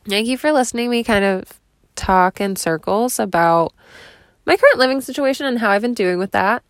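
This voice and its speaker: A woman's voice: mid-range voice, dry recording, studio quality. A woman hosting a casual solo podcast, chatty and rambling with frequent laughs, recorded in her parked car. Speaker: podcast host.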